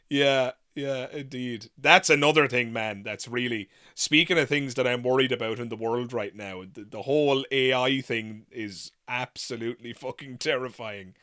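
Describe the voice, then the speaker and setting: A man's voice: mid-range voice, pushed and bright, dry recording, studio quality. An Irish man hosting a live Q&A stream, chatting with viewers in rambling, exasperated rants with swearing. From Ireland. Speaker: livestream host.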